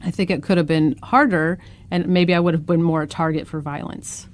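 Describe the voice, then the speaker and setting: An American woman who works as an educator, explaining things calmly in a casual discussion. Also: on the low side, fairly quick. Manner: calm and explanatory. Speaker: guest educator.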